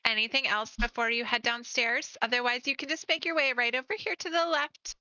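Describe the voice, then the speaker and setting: A woman's voice: a little high, steady tone, a little fast, sharp tone, clean tone, no room sound. A woman narrating as game master in a tabletop game, laughing often, with slightly muffled, dry stream audio.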